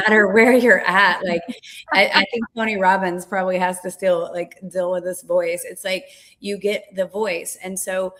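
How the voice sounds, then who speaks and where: A woman coach, a guest on an interview, explaining ideas in a lively, animated way and acting out little voices. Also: on the low side. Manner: animated, dramatizes with acted-out voices. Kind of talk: casual interview chat.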